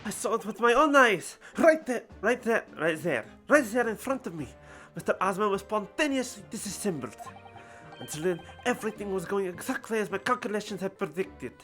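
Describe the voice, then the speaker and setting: A streamer voicing an eccentric, excitable older male professor in a deliberately clumsy German accent, stammering with excitement. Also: faint music behind. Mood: flustered. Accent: put-on German accent, poorly done. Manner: stammering, overexcited, high and loud.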